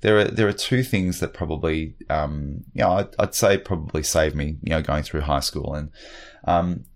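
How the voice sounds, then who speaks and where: A man's voice: rumbling low, moderate pace. A middle-aged man talking in an interview, hesitant, with many fillers and restarts. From Australia. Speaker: guest. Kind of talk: reflective interview talk.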